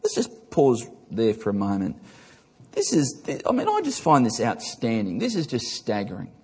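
A pastor preaches with a husky voice, swinging from emphatic highs to quiet lows. He reads scripture and stops to comment on it. His words ring out with the long reverb of a large church hall. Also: wildly swooping pitch, normal speed. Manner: emphatic preaching with big rises and drops. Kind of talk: sermon.

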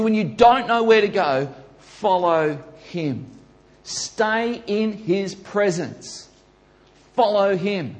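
A man preaching a sermon, building to loud emphatic peaks and repeating his key questions. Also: high voice. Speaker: pastor.

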